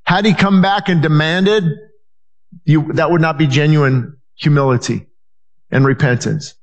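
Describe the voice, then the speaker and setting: Earnest, higher-voiced male pastor preaching. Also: lively intonation, unhurried. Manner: earnest, repetitive, restarts phrases, acts out quoted voices. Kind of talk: sermon.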